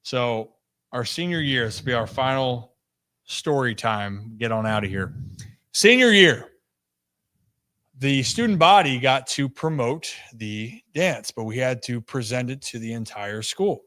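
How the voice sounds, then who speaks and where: A man's voice: medium pitch, lively intonation, measured pace, bright, forceful tone, no room sound, clean studio sound. A man hosting a casual sports show, upbeat and playful, telling stories to his co-hosts. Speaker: host.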